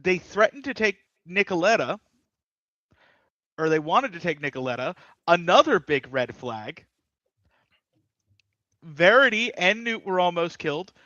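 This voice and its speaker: Brief: slow-talking male player, bright tone, slightly muffled. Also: high voice, big pitch swings, no room sound. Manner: joking, halting. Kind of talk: tabletop game table talk.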